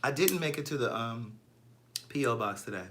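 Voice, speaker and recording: Male author host, live-stream chatter, very expressive pitch, chatty with his viewers. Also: background noise. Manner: animated, greets viewers by name, spells things out slowly.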